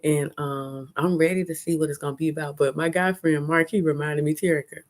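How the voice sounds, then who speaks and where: A chatty woman talks candidly to her live-stream viewers. Her voice sits low for a woman, and she laughs often as she goes. She is recorded outdoors on a phone held at arm's length. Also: fairly even intonation, fairly quick. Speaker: vlogger hosting a live stream. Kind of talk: casual live-stream chat. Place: outdoors at a fair.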